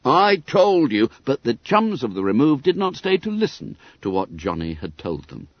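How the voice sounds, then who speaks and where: A man narrating an audiobook in an expressive, lively storytelling manner. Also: mid-range voice, normal speed, dry recording. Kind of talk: scripted narration. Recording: dull, dry audiobook recording.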